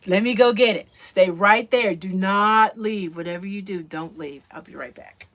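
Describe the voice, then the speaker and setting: Her voice is mid-range and a bit bright, and she keeps a moderate pace. This vlogger is making a drink at home in the kitchen, chatting loosely with viewers on a livestream and sounding a little winded. Noticeable background noise runs through the clip.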